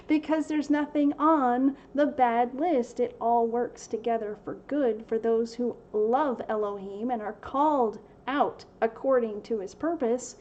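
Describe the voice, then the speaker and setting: A woman's voice: a little high, steady tone, measured pace, warm tone, lo-fi sound. A middle-aged woman hosting a casual devotional livestream from home, laughing often and at times tearful. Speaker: livestream host.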